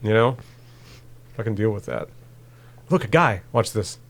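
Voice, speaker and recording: A man's voice: lowish voice, lively intonation, unhurried. A man co-hosting a podcast, chatting casually and laughing easily while narrating his video game play. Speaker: podcast co-host playing the game.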